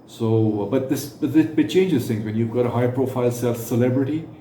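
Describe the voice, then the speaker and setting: A man giving reaction commentary, speaking haltingly with frequent fillers and restarts. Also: mid-range voice, dark tone, roomy sound, a little hiss or hum.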